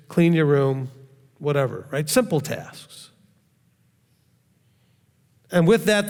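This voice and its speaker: A man's voice: on the high side, vocal fry, big-room sound. A man, a rabbi, teaching a sermon in a conversational way, often checking in with his listeners and adding light joking asides.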